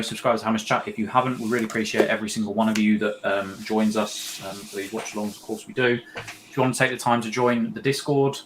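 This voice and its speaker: Young male co-host, slightly low but bright voice, halting and filler-heavy, laid-back fan chat. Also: a little hiss or hum. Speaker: co-host of a fan watch-along. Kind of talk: casual live football chat.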